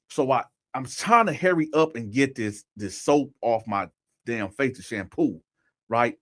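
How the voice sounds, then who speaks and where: Man, storyteller, mid pitch, conversational, keeps asking "right?", casual storytelling. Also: lively intonation, normal speed, a bit bright. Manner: conversational, addresses listeners directly, repeats "right?".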